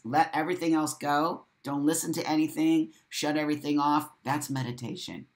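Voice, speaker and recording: A man's voice: fairly high pitch, steady tone, normal speed, few pauses. A man hosting a live stream show, reading out viewer comments and talking in an emphatic way, repeating phrases for stress. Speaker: host of a live talk show.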